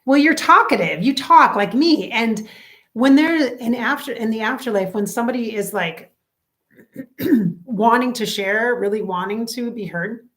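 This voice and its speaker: A woman doing a casual spoken psychic reading who talks straight to her viewers. She is chatty and emotional and often drops into soft, near-whispered asides. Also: on the high side, a little slow. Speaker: psychic medium.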